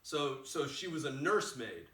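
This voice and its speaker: A man teaching a play in a casual, animated way, recorded in a roomy space with the mic far off. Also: medium pitch, normal speed. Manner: casual and animated, acts out lines. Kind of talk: explaining a play scene.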